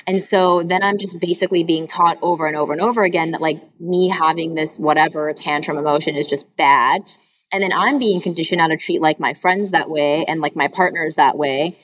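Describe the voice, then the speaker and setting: Woman host, casual podcast chat, a touch low-pitched, candid and emphatic. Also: steady tone, brisk, poor audio. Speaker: podcast host and healing coach.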